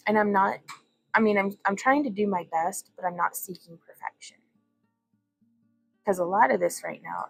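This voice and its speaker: A woman's voice: mid-range voice, normal speed, gravelly, long pauses, slightly rough, faint music behind, low-quality recording. A young woman hosting a casual glass bead livestream from her home workbench, chatting and rambling as she greets viewers. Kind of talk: casual craft demonstration livestream.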